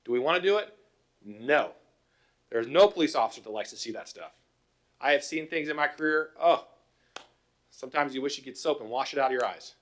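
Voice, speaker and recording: A middle-aged police officer gives a council a conversational, informal presentation built on anecdotes, acting out both sides of calls and asking rhetorical questions. His medium-pitched voice is expressive and a bit bright, moving fairly quickly but broken up by long pauses.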